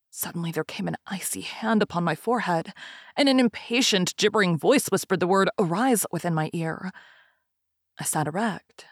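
A woman giving a slow, grave, measured dramatic reading of a gothic tale. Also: lowish voice, dry recording, clean studio sound. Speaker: reader.

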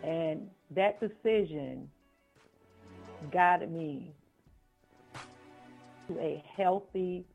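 Slow, gravelly woman on a phone line. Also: on the low side. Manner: slow, earnest storytelling with repetition. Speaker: author and life coach. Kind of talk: podcast interview, personal story. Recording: phone-like line with faint music.

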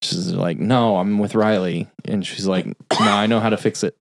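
A man's voice, on the low side with fairly even intonation and vocal fry, belongs to a podcast host recapping a film. It's casual film review chat, loose and profane, with free swearing and quick impressions of the characters' lines.

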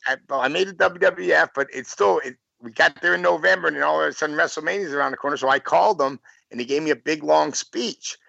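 A man's voice: fairly high pitch, fast, creaky, bright, forceful tone, no room sound. A man in his fifties, a former wrestler, tells rambling stories in a casual interview, full of restarts and "you know". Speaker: guest, former pro wrestler. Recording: dull lo-fi, dry sound.

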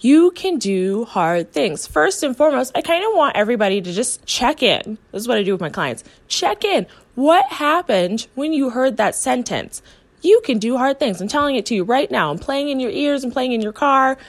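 A woman's voice: sits high, expressive, a little fast. A young adult woman from the United States, hosting a motivational podcast as a coach and speaking earnestly to her listeners. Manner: earnest, encouraging, voices the listener's inner thoughts.

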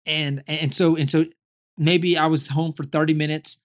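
Young man in casual chat, slightly higher voice, tells stories with lots of restarts and bursts of animation. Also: normal speed. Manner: animated, many restarts and repeated words.

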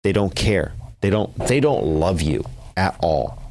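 A man's voice: low voice, lively intonation, unhurried, darkish tone. A man co-hosting a podcast, giving blunt opinions and repeating points for emphasis. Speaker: podcast co-host.

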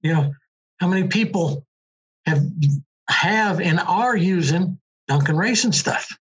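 A little slow and breathy, the high-sitting voice of an older man recounts his motorcycle racing past in loose conversation. He keeps restarting and filling gaps with fillers, and the audio is dull and lo-fi.

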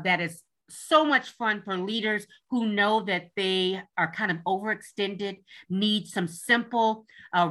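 A woman guest on an interview show, a leadership coach talking with upbeat enthusiasm and spelling things out slowly. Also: medium pitch, sharp tone.

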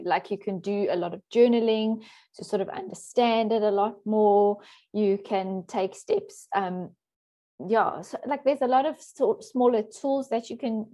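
A woman coach talking thoughtfully in an interview, with soft laughs and restarts. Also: mid-range voice. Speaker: coach for introverted women. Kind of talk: interview guest.

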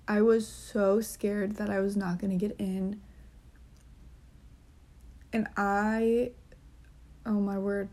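A woman's voice: mid-range voice, mellow. A young woman hosting her own podcast, talking in a chatty, earnest way, with frequent ums and gushing asides. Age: young adult. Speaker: podcast host. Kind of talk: casual solo podcast chat.

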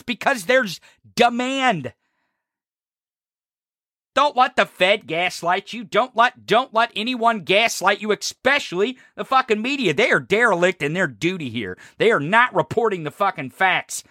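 A man's voice: high voice, pushed and bright, dry recording, studio quality. A man hosting a political talk show, delivering a fiery, profane, combative rant. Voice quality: heavy swearing, fiery and combative.

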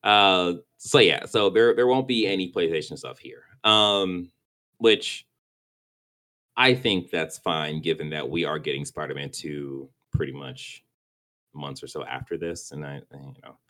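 A man's voice: very deep voice, unhurried, bright, forceful tone. A man co-hosting a casual gaming podcast, rambling and stumbling over words, often restarting and laughing. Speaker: podcast co-host.

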